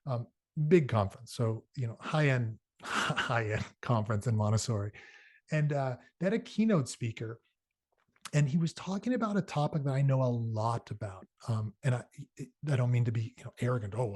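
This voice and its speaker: A middle-aged man talks casually, as if hosting his own show, in a slightly husky, breathy voice at a middle pitch. He tells stories with plenty of fillers and restarts. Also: a little mellow. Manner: conversational, storytelling with many fillers and restarts. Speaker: podcast host. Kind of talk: casual solo talk.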